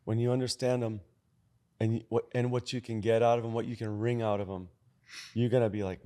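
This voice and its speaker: A man's voice: medium pitch, level tone, brisk, dark tone. A man on a tattoo podcast making an emphatic point, using casual slang. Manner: emphatic, uses slang like gnarly.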